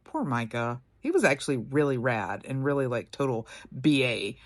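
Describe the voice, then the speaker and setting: A woman preacher with a deep bass, sing-song voice gives a casual Bible lesson to camera at normal speed in a dry recording. She's chatty and playful, tossing in slangy asides.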